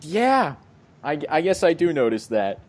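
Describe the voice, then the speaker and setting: A man's voice: on the high side, very animated, unhurried, darkish tone. A man co-hosting a comic book podcast, laughing often and adding sarcastic asides. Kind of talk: casual comic review chat.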